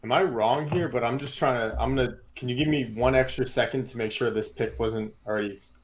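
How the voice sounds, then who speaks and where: A man's voice: mid-range voice, a little fast. A man on a casual sports panel, talking in a hesitant, self-conscious way. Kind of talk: casual roundtable chat.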